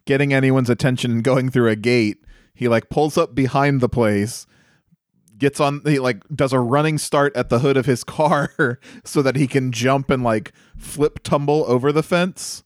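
A man with an ordinary middle pitch pokes fun at a movie in sardonic commentary, often breaking into laughter. His voice is close and dry, with no room echo. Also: moderate pace. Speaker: podcast co-host. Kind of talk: casual film discussion.

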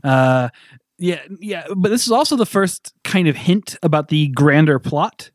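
A man co-hosting a podcast in casual chat, animated and joking. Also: high voice, moderate pace, no echo, studio quality. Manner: animated and jokey. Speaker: podcast co-host.

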